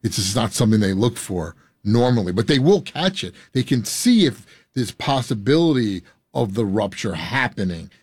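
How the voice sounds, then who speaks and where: A man's voice: on the low side, big pitch swings, moderate pace, a little mellow, breathy edge, no room sound, studio quality. A man speaking as a guest on a radio show, earnest, often restarting his sentences. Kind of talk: radio interview.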